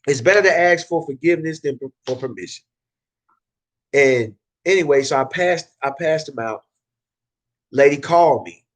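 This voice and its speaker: A man with a Southern accent who runs a car detailing business, giving casual advice and stressing points by repeating them, with frequent restarts. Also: mid-range voice. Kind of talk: casual advice talk to camera.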